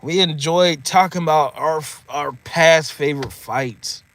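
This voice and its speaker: A man's voice: a little high, measured pace. A man in his thirties telling old stories in a casual monologue, laughing often and swearing freely. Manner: animated, laughs often, swears freely, repeats "you know what I mean". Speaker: vlogger.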